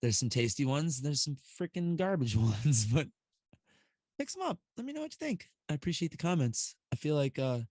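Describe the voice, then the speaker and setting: Dude on a livestream, chill and cussing, middle pitch, no room echo. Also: male voice. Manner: loose and profane, laughs often. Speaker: livestream co-host mixing e-liquids. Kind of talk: casual livestream chat.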